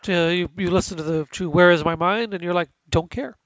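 A man's voice: high voice, fairly even intonation, fast, fairly bright tone, no room sound, muffled recording. A man with stuffy sinuses co-hosting a casual chat about TV, rambling with many restarts and fillers. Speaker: podcast co-host.

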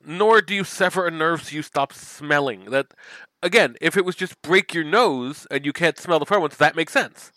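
A man's voice: a little high, normal speed, sharp tone, no echo, rough recording. A man chatting casually about a film, blunt and swearing, with short interjections.

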